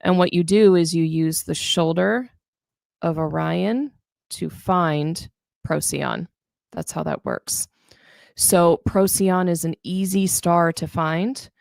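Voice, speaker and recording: Gravelly-voiced woman teaching the night sky. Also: lowish voice, takes it slowly, a little mellow, no room sound, studio quality. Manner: chatty, self-deprecating, thinks aloud while drawing. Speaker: astronomy educator. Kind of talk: live-streamed screen-share lesson.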